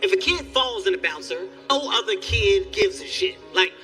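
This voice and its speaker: A man doing stand-up comedy, telling a profane story in an animated, exasperated way. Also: high voice, normal speed. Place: live comedy venue. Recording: distant live stage recording with faint music.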